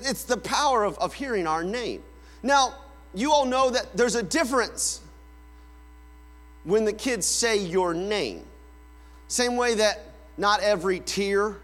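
A man, a pastor, delivering a sermon, telling family stories and playfully acting out his children calling for their parents. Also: a little high. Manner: storytelling, acts out kids calling with playful voices. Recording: long hall reverb with mains hum.

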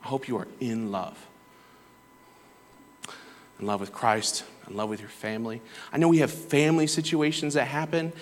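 A man gives an earnest, conversational sermon in a church and mixes personal stories into his preaching. His voice has a middle pitch, and it rings with a long hall reverb. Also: fairly even intonation, normal speed, pauses often, a little hiss or hum. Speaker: lay preacher.

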